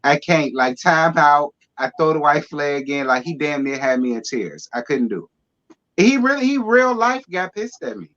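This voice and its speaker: A man in his thirties tells a story on a talk show with dramatic emphasis, his voice sitting a little high. The recording sounds slightly dull. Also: sing-song, moderate pace, fairly bright tone. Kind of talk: casual storytelling chat.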